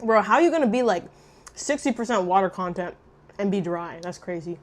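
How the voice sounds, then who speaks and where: A young woman chatting casually while eating on camera, loud and profane, jumping between shrieks and low mutters. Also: lively intonation, a little fast. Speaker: mukbang vlogger. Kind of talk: casual eating vlog chat.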